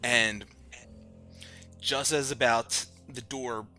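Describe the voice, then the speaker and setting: A man running a tabletop game as dungeon master, narrating in an unhurried, lively way. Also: medium pitch, soft background music. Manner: unhurried and lively, with fillers and restarts while he narrates.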